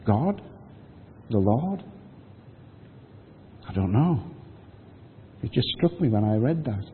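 A man's voice: mid-range voice, big pitch swings, slow, a little hiss or hum. A man giving a sermon, telling the story in a conversational way and acting out the quotes. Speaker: preacher. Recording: phone-like audio with long hall reverb.

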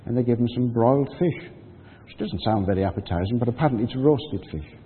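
A man's voice: mid-range voice, expressive, a little fast, slight background noise. A man giving a sermon, telling the story in a conversational way and acting out the quotes. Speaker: preacher. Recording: phone-like audio with long hall reverb.

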